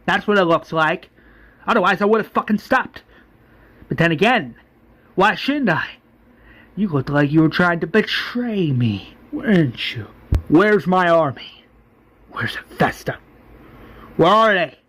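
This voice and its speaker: A man's voice: high voice, lively intonation, unhurried, long pauses, a bit bright, pitched above the performer's own voice, full character voice. A man voicing a threatening male militia leader who taunts and interrogates. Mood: menacing.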